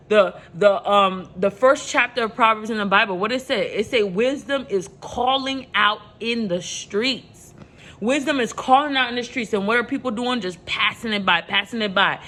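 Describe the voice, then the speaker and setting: A woman from New York with a New York accent and a rough edge to her voice, talking emphatically to camera and repeating her points. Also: mid-range voice. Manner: emphatic, repetitive, rises loud when passionate. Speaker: vlogger giving life advice. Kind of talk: passionate motivational talk to camera.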